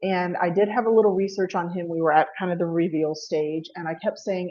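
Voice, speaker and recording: A woman's voice: lowish voice, fairly even intonation, brisk, few pauses, darkish tone, lo-fi sound. A woman presenting her paranormal investigations at an online panel, chatty and apologetic, laughing often. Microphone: video call.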